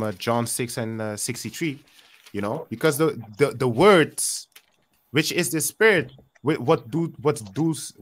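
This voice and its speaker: A man leading a casual scripture study, calling for verses and talking in a relaxed way full of "you know" and "man.". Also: medium pitch. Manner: laid-back, calls for verses, says "you know, man". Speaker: leader of the scripture study session. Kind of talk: casual religious discussion.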